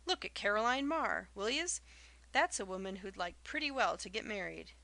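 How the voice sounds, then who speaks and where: A spiteful old village gossip, as a woman reader puts her on, hurls loud derisive remarks in rustic dialect. Her voice is gravelly with a sharp, bright edge. It is an audiobook reading of a storybook scene. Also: medium pitch, lively intonation, moderate pace.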